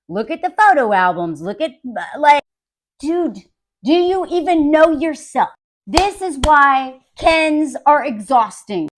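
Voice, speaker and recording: A woman gives casual, sarcastic film commentary with a blunt edge. Her voice sits high and swings widely as she jokes. She sounds animated and unfiltered throughout.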